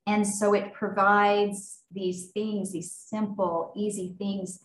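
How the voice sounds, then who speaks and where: A woman's voice: mid-range voice, level tone, slow, reverberant, slight background noise, poor audio. A woman from Arizona, a podcast guest, talking in an earnest, casual way with many fillers and restarts. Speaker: podcast guest, nonprofit founder. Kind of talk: casual interview chat.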